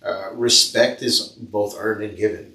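A man's voice: fairly low pitch, steady tone, unhurried, pushed and bright. A man who works as a tattoo artist, a guest on a casual podcast, talking in an easygoing, plain-spoken way. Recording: roomy sound, far from mic.

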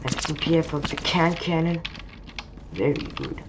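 A woman with a low voice drawls through casual gaming commentary, trading sarcastic jabs with other players. Her talk is slow and mumbly, and keyboard typing and mouse clicks sound clearly in the background. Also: very animated, background noise. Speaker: gamer streamer.

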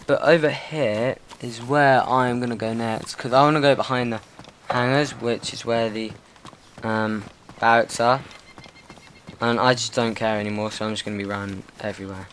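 A man's voice: mid-range voice, steady tone, moderate pace, a bit bright. A young man rambles nervously through his gameplay, muttering to himself and scolding the zombies on screen. His voice sits in an ordinary middle register, recorded on a desk mic with a faint hiss underneath. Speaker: gaming channel host. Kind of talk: casual gameplay commentary.

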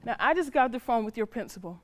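A woman's voice: fairly high pitch, expressive, fast, fairly bright tone. An actress playing a stern but loving mother who scolds her teenage son in plain, colloquial speech. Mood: stern scolding. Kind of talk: drama acting.

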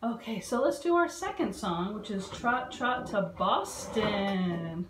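A woman librarian reading a picture book aloud to young children, expressive and stopping to ask them questions. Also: medium pitch, slow pace, noisy background. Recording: roomy echo.

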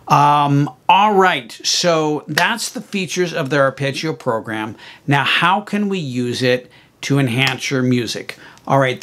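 A man's voice: medium pitch, a bit bright. Man explaining a music app step by step. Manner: friendly, explanatory, fillers like okay and um. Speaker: music teacher. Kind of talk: screen-recorded software tutorial.

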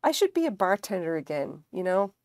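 Chatty Irish woman, low and dry. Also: fairly quick, no room sound. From Ireland. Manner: animated, swears freely, lots of fillers. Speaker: livestream host. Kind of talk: casual chat while crocheting.

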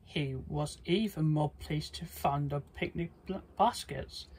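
A storybook reader reading a children's story aloud, halting now and then with small slips. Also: medium pitch, a little mellow, slight background noise.

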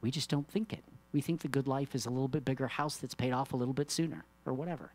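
A man preaching a sermon as pastor, with a conversational style. He swings between hushed, low asides and loud, emphatic peaks, and uses rhetorical questions and teasing asides. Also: fairly even intonation, fast talker.

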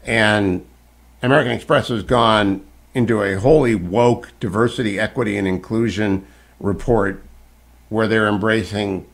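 A man's voice: fairly low pitch, fairly even intonation, unhurried, vocal fry. A man hosting a talk radio show, delivering an emphatic, opinionated monologue with occasional stumbles.

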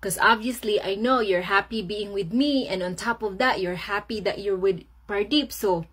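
A woman's voice: mid-range voice, moderate pace, a bit bright, slightly rough. A woman doing a gushing, doting old husband. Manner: gushing, pleading, overly sweet. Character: doting wrinkly old husband, fretful and pleading.

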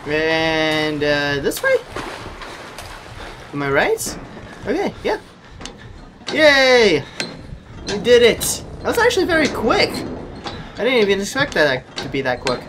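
Jokey game commentator, very lively pitch. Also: male voice, slow pace, pauses often. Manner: jokey, yelps and shrieks when scared; chatty, talks to game characters. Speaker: gameplay commentator. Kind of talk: horror game let's play commentary. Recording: noisy home recording.

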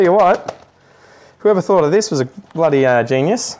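A man's voice: on the high side, sing-song, normal speed, a little mellow, a little hiss or hum. Chatty Australian man repotting plants. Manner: chatty, self-deprecating, joking asides to viewers. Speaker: plant vlogger. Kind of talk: casual how-to narration while repotting.

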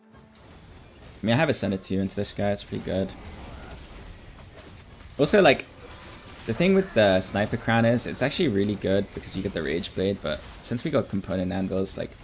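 A man with a deep, gravelly voice talks through his game as a streamer, musing aloud in an easygoing way. Faint music plays under his casual commentary. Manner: thinking aloud, relaxed, mumbling asides. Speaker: streamer playing a strategy game.

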